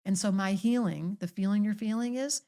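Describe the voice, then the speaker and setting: An older woman astrologer, a podcast guest telling animated, theatrical stories in casual conversation. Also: mid-range voice, brisk. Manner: theatrical storytelling, acting out quoted voices.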